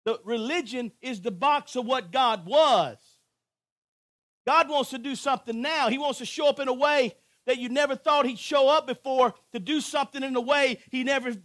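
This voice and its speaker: A pastor preaching a sermon with passion, moving from hushed tones to near shouts and repeating phrases rhythmically. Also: male voice, very high voice, normal speed, dry recording. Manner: repetitive, rhythmic emphasis.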